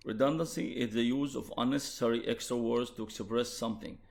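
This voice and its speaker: A university lecturer with a gravelly, medium-pitched voice and an Arabic accent speaks in a steady tone. In this recorded lecture on translation, he explains things in a measured way, sometimes restarting his sentences.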